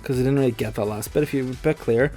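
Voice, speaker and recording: A man's voice: medium pitch, very fast, soft background music, lightly acted. Brief: suspicious young woman fending off a creep at a club, snappy, played by a man in improv. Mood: snippy. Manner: suspicious, sharp, talks up loud.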